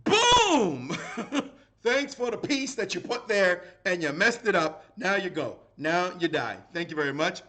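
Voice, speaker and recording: A middle-aged man giving live chess commentary as a grandmaster, animated and playful, with dramatic exclamations. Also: high voice, moderate pace, hardly any pauses.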